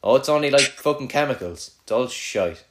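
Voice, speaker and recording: A man's voice: mid-range voice, expressive, fairly quick. A young man with an Irish accent from Kildare, hosting casual banter with a friend, teasing and swearing a lot, with many "like"s.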